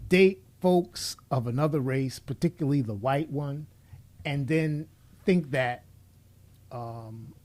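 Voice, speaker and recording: A man's voice: on the high side, a little mellow. A middle-aged man delivering a blunt, preachy opinion monologue, speaking straight to the person he is criticizing. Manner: blunt and preachy, addressing his subject directly. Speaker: commentator.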